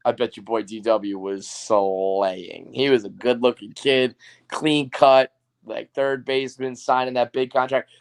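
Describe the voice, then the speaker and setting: A man hosting a sports podcast, talking fast and loose in casual banter with a lot of swearing. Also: mid-range voice. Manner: profane, excitable sports banter. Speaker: podcast host. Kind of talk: casual chat.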